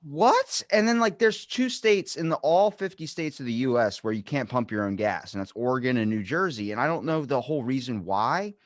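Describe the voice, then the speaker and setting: A man with a Baltimore accent talks in a loose, rambling way as a podcast host. He tells his stories with animation and acts out the other people in them. His voice sits at an ordinary middle pitch, and the recording is dry and close. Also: a little fast, few pauses, no echo. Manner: rambling, animated storytelling with acted quotes. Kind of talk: casual conversational chat.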